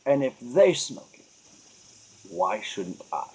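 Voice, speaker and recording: A man's voice: mid-range voice, sing-song, slow, husky. A man venting in a casual monologue, rambling and earnest, often restarting his sentences. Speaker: vlogger.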